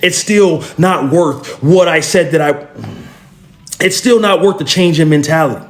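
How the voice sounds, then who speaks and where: A man's voice: on the high side, unhurried, roomy sound. A man giving a motivational talk, speaking bluntly and emphatically to his listeners, repeating phrases and restarting with stammers. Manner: addresses listeners directly and bluntly.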